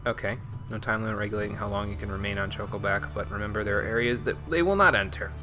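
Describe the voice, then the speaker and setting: Speaking quickly in a fairly low voice, a young male gamer gives laid-back commentary on his stream. He mutters to himself while playing and laughs frequently.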